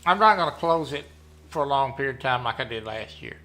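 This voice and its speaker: A man, chatting casually while playing a hunting game, rambling and often clearing his throat. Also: medium pitch, lively intonation, quick pace, sharp tone. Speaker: gaming streamer running a members' community.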